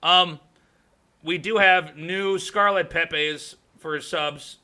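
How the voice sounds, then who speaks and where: Bright-voiced man hosting a stream. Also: fairly high pitch, steady tone, extremely slow. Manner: chatty, thanks subscribers, swears casually. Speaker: stream host and caster. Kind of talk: casual livestream hosting.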